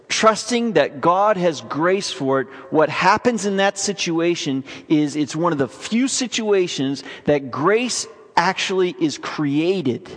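A man preaching a sermon, emphatic and energetic, with sudden bursts of excitement. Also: on the high side. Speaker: pastor. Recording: long reverb of a large hall.

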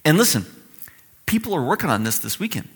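A man preaching a sermon in a conversational, animated way, acting out the voices he quotes. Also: fairly high pitch, quick pace, slightly rough. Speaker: pastor.

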